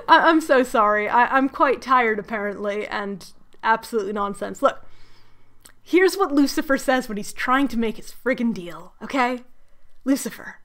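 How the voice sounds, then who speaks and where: A young woman with a high voice doing a comedic book recap. She is sarcastic and animated, often laughing at herself. She talks like a video essayist. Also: moderate pace. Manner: sarcastic, animated, self-mocking. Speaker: book reviewer.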